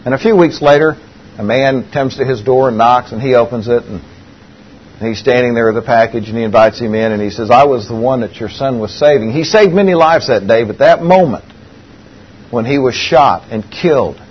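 A man's voice: medium pitch, normal speed, breathy edge. A man preaching a sermon, telling a story in an earnest way and repeating key phrases. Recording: dull lo-fi recording.

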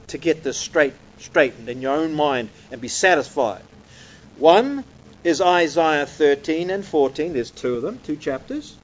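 A man's voice: high voice, dull audio. A man preaching a conversational, emphatic sermon, often dropping "man" into his lines and shown on slides to a room and online audience. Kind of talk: sermon teaching. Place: church or hall with slides.

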